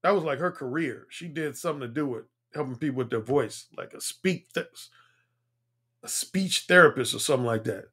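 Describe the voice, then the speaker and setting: A man's voice: mid-range voice, fairly quick, sharp tone, slightly rough. A man who works as a dating coach, talking through a livestream in a conversational, explanatory way, repeating points for emphasis. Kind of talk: livestream monologue.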